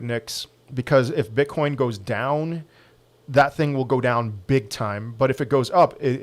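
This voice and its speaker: A man hosting a casual live question-and-answer stream, giving blunt, quick opinions and getting animated on sports. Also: medium pitch. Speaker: crypto channel host answering viewer questions.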